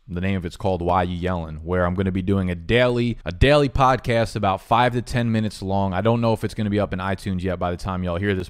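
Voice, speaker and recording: A young man hosting a fantasy football channel, talking in a brash, joking, profane way. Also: on the low side. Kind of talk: casual loud vlog talk.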